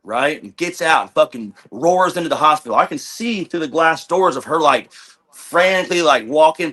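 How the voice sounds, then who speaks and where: Bright-voiced man telling a rambling story. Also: a little high. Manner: rambling, profane, retells with quoted dialogue. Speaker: guest. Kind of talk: casual storytelling in a podcast chat.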